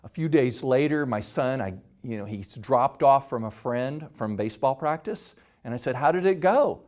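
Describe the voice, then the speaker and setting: A middle-aged man hosts his own talk and tells a personal story. He talks at a medium pitch and acts out the quoted lines with animation. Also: lively intonation, moderate pace, a little mellow. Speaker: host.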